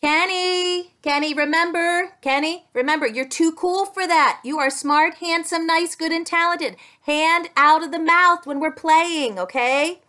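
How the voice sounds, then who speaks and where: A woman speech-language pathologist leading a playful children's lesson in an animated, sing-song, exclamatory way. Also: very high-pitched, measured pace, hardly any pauses.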